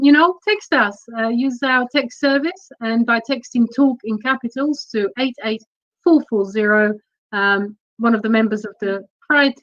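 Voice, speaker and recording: A woman co-hosting a casual panel chat, playful and laughing often. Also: mid-range voice. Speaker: co-host. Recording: dull lo-fi sound.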